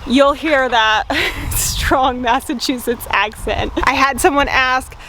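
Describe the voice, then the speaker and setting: High-voiced farm woman, slow and chatty. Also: fairly even intonation, sharp tone, a little hiss or hum. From Rhode Island. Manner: cheerful, laughs often between sentences. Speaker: farm vlogger. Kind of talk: casual vlog chat. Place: outdoors on a farm.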